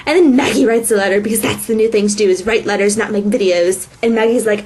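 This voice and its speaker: A woman's voice: medium pitch, fast, darkish tone, slight background noise. A woman vlogging in a casual, sarcastic recap voice, with valley-girl style speech. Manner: sarcastic, snarky.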